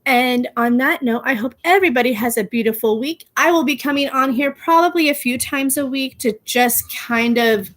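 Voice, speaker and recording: A woman in her thirties hosting a casual pop culture podcast, chatty and animated, laughing often and using playful slang. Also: high voice, normal speed, hardly any pauses. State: gets out of breath walking, pregnant. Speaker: podcast host.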